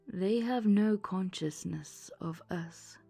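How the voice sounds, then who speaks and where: A woman voicing a gentle, mild ghost in a storybook reading, speaking softly and slowly. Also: medium pitch, gravelly, husky, soft background music, heavily acted. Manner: soft, mild, measured.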